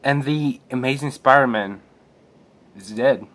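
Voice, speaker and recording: A man's voice: mid-range voice, measured pace, fairly bright tone. A man casually retelling a comic book aloud, hesitant with restarts and fillers. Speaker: comic book reader and reviewer.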